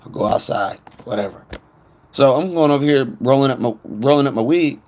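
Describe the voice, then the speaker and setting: A man's voice: mid-range voice, brisk, a little mellow. A man telling a rambling, profane story to viewers on his phone stream.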